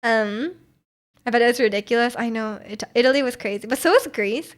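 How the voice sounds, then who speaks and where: High-pitched young woman streamer, chatty and giggly, reading chat aloud in a relaxed casual tone at a home streaming setup. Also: fairly quick. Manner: chatty and giggly, with frequent laughs and filler words. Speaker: livestream host.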